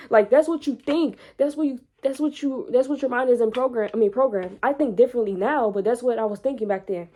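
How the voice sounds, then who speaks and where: A young woman vlogs in a casual storytelling voice that sits slightly high. She repeats and restarts phrases and gets louder and higher as excitement builds. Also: a little fast. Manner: animated, repeats words, rises high and loud when excited. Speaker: vlogger and entrepreneur.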